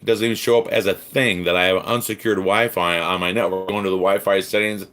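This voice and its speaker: A man with a fairly low voice rants into his livestream, swearing hard and slipping into sarcastic mock voices. He stammers and restarts as his anger builds. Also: fairly even intonation, fairly quick, fairly bright tone. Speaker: livestream host. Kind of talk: angry rant on a livestream, reading chat.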